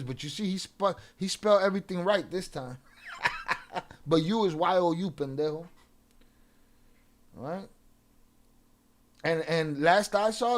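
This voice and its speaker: A young male livestream host talks back to his chat in a profane, combative rant laced with Spanish slang. His high voice is expressive, at a measured pace with frequent pauses.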